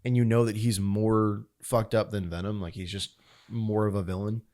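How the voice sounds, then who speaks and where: A young man with a slightly low voice chats on a podcast about movies he likes. He sounds animated and loose, swearing casually and leaning on a lot of fillers as he talks. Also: normal speed. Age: young adult. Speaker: podcast co-host. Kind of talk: casual chat.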